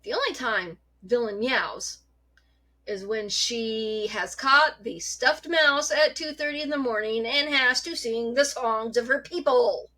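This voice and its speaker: Woman vlogger, casual storyteller, higher-pitched, animated and foul-mouthed. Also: a little slow. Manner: chatty, animated, swears freely.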